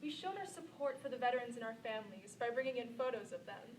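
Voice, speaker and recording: A woman with a high, light voice delivers a memorized contest speech in an earnest, measured way, reciting a poem along the way. She sounds set back from the mic, and faint noise sits under her voice. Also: expressive, distant mic, rough recording.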